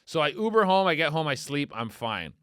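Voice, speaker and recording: A male comedian spinning a casual storytelling monologue, his fairly high, bright voice leaping up and down as he goes. He swears freely, breaks into laughter mid-sentence and slips into the voices of the people he quotes. The sound is close and dry. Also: very animated, brisk, clear, resonant tone, no room sound. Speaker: comedian and podcast host.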